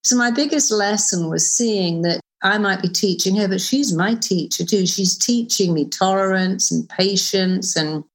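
A middle-aged woman who is a therapist and author, speaking as an interview guest in an animated, emphatic way with quick asides. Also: medium pitch. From United Kingdom. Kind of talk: conversational interview.

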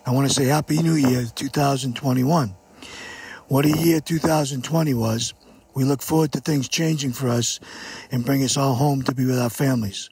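Older guy, church leader, raspy and croaky, slow solemn message. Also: medium pitch, fairly even intonation, darkish tone. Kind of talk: recorded video message.

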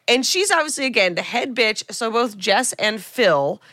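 A woman's voice: mid-range voice, no room sound, clean studio sound. A woman co-hosting a podcast, casually recapping a movie and acting out the characters' lines as she goes. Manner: animated storytelling with quick acted-out quotes. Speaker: podcast co-host.

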